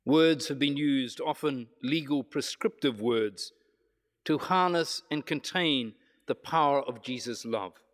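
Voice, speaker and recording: A man preaching a reflective sermon, measured, slowing down for emphasis. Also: mid-range voice. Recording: long hall reverb.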